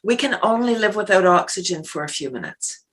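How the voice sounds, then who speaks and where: Laughing, animated middle-aged woman. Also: medium pitch, a little fast. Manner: animated, laughs often, acts out little scenes. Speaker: podcast guest, laughter yoga practitioner. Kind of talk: casual interview talk.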